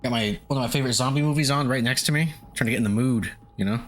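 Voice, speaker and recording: A man's voice: mid-range voice, very fast. Casual swearing man streaming games. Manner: loose, swearing, chuckling. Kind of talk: casual live-stream chat. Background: faint lo-fi music.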